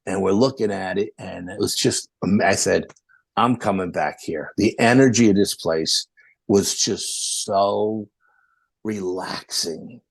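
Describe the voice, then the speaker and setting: A man, a podcast guest telling a rambling, animated story full of quoted dialogue. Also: lowish voice, slow pace, vocal fry, husky, dry recording. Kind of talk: casual storytelling.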